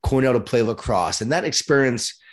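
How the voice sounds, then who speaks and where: A middle-aged man from Long Island, New York, a guest author telling his life story in an interview with lively, self-deprecating humor. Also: medium pitch, a little fast.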